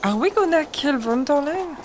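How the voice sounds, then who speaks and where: A woman's voice: high-pitched, expressive, normal speed, background noise. A woman giving nervous, chatty commentary while playing a video game. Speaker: gaming streamer. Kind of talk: let's-play commentary.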